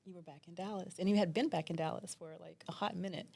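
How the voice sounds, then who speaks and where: A woman's voice: lowish voice, steady tone, quick pace, gravelly, mellow. Emotional, giggly woman. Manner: emotional, laughs often, lots of "like". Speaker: podcast co-host. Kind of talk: casual chat.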